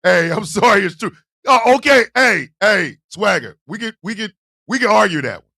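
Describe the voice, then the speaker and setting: Male livestream host, high bright voice, very lively delivery, loud profane banter and laughter. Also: moderate pace, vocal fry. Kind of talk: casual livestream talk, reacting to chat.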